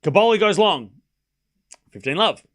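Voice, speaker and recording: Male stream host, casual tennis watchalong, lively pitch that jumps on big points. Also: moderate pace. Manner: chatty, jumps between calling points and thanking viewers. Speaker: livestream host.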